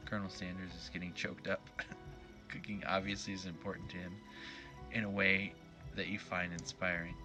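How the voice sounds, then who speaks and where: A man streaming a game live, reading its text aloud in a joking, playful way. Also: low voice.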